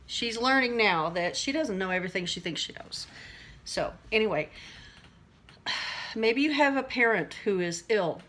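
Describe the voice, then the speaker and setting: A woman's voice: mid-range voice, lively intonation, moderate pace, long pauses, fairly bright tone, slight background noise. A middle-aged woman talking to camera in a casual, rambling way about everyday stress, acting out little voices and laughing at herself. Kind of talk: casual teaching monologue to camera.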